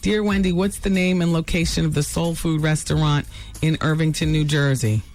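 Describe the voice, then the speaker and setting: A woman hosts a radio show, rattling through celebrity gossip with chatty asides and quick self-corrections. She sounds like she is in a studio broadcast with soft music faintly underneath. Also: low voice, steady tone. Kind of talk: casual celebrity gossip talk.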